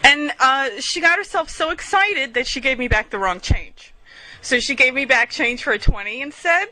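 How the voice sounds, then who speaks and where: A woman's voice: high voice, expressive, moderate pace, pushed and bright, dry recording, poor audio. A woman hosting a podcast, telling stories in a chatty, profane, rambling way on a portable recorder. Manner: chatty, profane, giggly storyteller. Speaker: podcast host. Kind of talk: casual rambling monologue.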